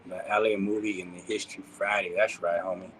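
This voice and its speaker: A man's voice: sits low, little pitch movement, a little fast, fairly bright tone, poor audio. A man from the Inland Empire, talking casually to his viewers as a YouTube creator, laid-back and full of slang. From Inland Empire, California. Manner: slangy, laid-back, calls listeners "dog" and "homie". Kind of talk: casual vlog talk to viewers.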